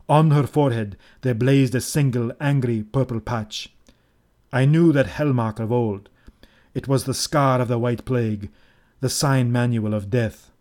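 A man's voice: medium pitch, a little mellow. Solemn male audiobook narrator. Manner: measured, solemn storytelling. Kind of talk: first-person scripted narration.

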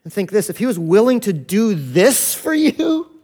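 A male pastor preaching a sermon to his congregation. He acts out voices in the quoted dialogue and moves between loud, urgent lines and hushed ones. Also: high voice, big pitch swings, moderate pace.

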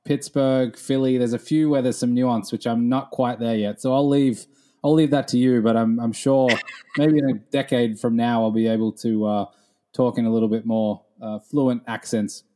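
A man in his thirties, a guest on a podcast, answers questions in a measured, articulate manner. His voice is mellow and dark, with a calm, even delivery. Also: mid-range voice. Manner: measured, articulate with some fillers. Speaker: guest, gaming attorney. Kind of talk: casual interview.

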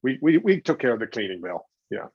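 Middle-aged man, husky, animated raconteur who acts out his quotes, dry, slightly dull sound. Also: mid-range voice, no echo. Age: 40s or older. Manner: animated storyteller acting out quotes, quick restarts. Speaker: guest, television host. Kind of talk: anecdotal interview talk.

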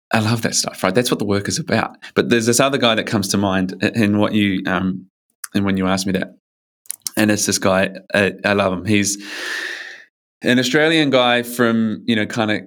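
A man's voice: lowish voice, fairly bright tone. A man who coaches men, speaking in a casual interview with a rambling, loose manner, many fillers and casual swearing. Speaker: men's coach.

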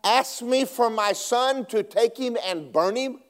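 A man preaching a sermon, swinging between loud emphatic lines and hushed asides. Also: very high voice, measured pace.

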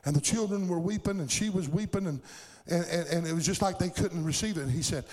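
Middle-aged man, preacher, sermon storytelling, rising fervor, slightly high voice. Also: expressive, brisk, a little mellow. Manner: storytelling, building to fervent exhortation.

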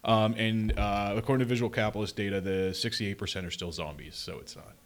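A man's voice: lowish voice, steady tone, a little fast. A man co-hosting a podcast, chatting casually in a rambling way full of fillers and frequent chuckles. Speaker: podcast co-host. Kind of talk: casual chat.

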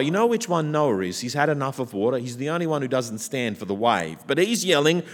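A man's voice: mid-range voice, sing-song, fairly quick, few pauses. Male preacher, rousing sermon delivery, long church reverb. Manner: builds from quiet to loud, rousing.

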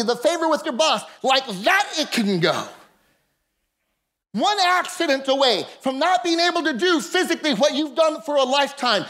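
A man preaching a sermon as pastor of a church service, impassioned, breaking into shouts and calling out to the congregation. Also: very high-pitched.

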